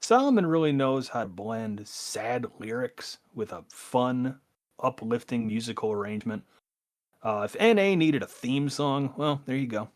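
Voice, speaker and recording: A man hosting a podcast in casual chat, talking haltingly with many "uh" fillers and restarts. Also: mid-range voice, lively intonation. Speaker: podcast host.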